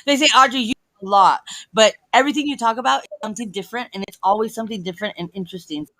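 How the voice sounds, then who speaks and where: A woman in her thirties joins a casual chat through a phone on speaker. Her voice is bright and forceful, with a dry, close sound. She talks freely, tells quick stories and laughs often. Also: a little high, dry recording, rough recording. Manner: talkative, laughing often, animated storytelling. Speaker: guest.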